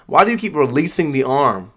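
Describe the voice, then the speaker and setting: A man's voice: on the high side, very animated, fairly quick, fairly bright tone, slightly rough. A man hosting a livestream, giving slangy, loose live reaction commentary and talking back at the screen. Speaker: livestream host.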